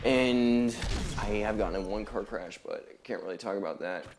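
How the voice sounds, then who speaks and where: A man's voice: on the low side, normal speed, slight background noise. A young man rambling casually in a laid-back way while commenting over gameplay. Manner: rambling, laid-back, heavy on filler words. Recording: loud gunfire from game audio behind voice.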